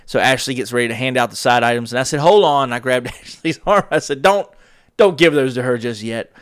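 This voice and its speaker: A man hosting a podcast, telling a workplace story in an animated way and acting out the voices of the people in it. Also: mid-range voice, brisk, clear, resonant tone, no room sound, studio quality. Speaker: podcast host. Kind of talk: storytelling monologue.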